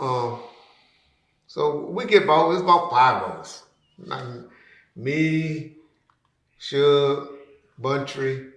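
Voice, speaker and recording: A man tells a story in casual talk, his voice sitting at a middle pitch. He animates the people he quotes with sudden loud, high jumps. The room around him rings with a noticeable echo. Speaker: podcast guest telling a story. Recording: roomy echo.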